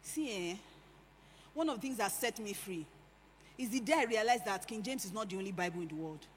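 A woman preaching a sermon, animated, swinging between hushed lines and loud emphatic ones. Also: mid-range voice, brisk, a little hiss or hum. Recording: echoey hall with faint ambience.

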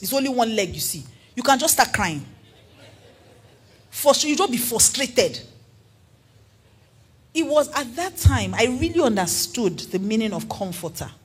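A woman preaching a sermon in an earnest, animated way, asking her listeners questions. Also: a little high, slightly rough.

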